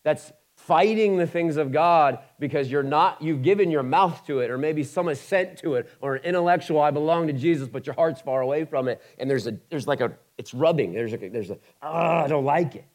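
Man preaching in a conversational sermon. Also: fairly high pitch. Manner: conversational preaching with quick asides, wide swings in loudness. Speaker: pastor.

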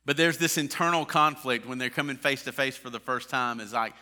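A man's voice: mid-range voice, brisk, hardly any pauses, pushed and bright. A man preaching a sermon in a conversational way, with many fillers and restarts. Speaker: pastor.

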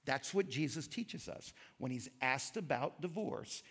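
A man giving a sermon lecture, telling stories and reading quotes with lively emphasis. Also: fairly high pitch, a little slow, breathy edge. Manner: animated storytelling, reads quotes with emphasis. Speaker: pastor.

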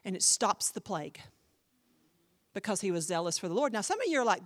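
A woman pastor preaching a sermon in an animated, emphatic way, speaking directly to her congregation. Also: medium pitch, brisk.

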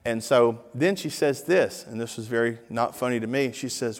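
A middle-aged male pastor tells a story during a sermon, slipping into the voices of the people in it with lively energy. His voice sits at an ordinary pitch for a man. The sound carries a long reverb, as if filling a large sanctuary. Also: moderate pace, hardly any pauses. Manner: animated storyteller, acts out dialogue.

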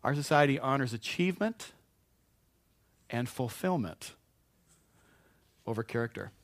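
Folksy pastor, dry close sound. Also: male voice, mid-range voice, animated, unhurried, no echo. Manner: folksy, anecdotal, with frequent restarts. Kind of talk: conversational sermon.

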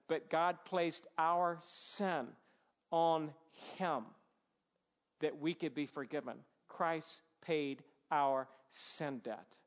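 Earnest high-voiced man teaching parents. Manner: earnest, emphatic, quick asides. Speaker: Christian parent teaching on discipline. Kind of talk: informal teaching talk with numbered points. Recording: dull lo-fi sound.

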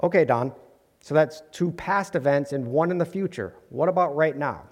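In a church sanctuary with long hall reverb, a preacher delivers an earnest sermon to his congregation, adding light humorous asides. His voice is a little high, with lively intonation at a normal speed.

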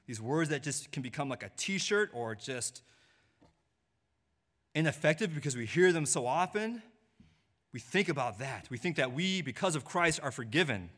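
A man preaching a sermon, dropping to a hushed, low delivery and rising to a pleading voice when he voices a sinner's confession. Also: lively intonation, moderate pace. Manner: swings from hushed low delivery to raised, pleading voice in quoted lines.

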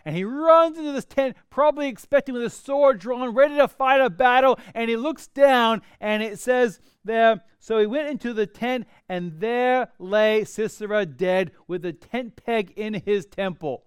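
High, smooth-voiced preacher man. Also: moderate pace, few pauses, dry recording, clean studio sound. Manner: animated storytelling with humorous asides. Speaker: pastor. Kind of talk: sermon.

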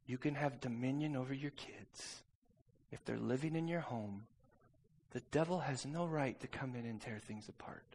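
A man preaching a sermon, telling a personal story and calling out to the congregation for responses, moving from quiet talk to shouting. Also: medium pitch, vocal fry, a little hiss or hum. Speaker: pastor.

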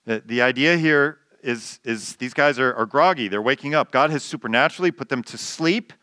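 A man preaching a sermon. He reads scripture aloud and acts out the characters' shouting with animated delivery. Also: mid-range voice, normal speed, dry recording. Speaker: pastor.

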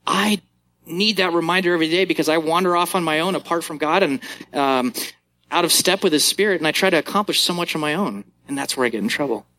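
A man's voice: fairly high pitch, fast, sharp tone. A pastor in his thirties preaching a sermon, conversational and telling family stories.

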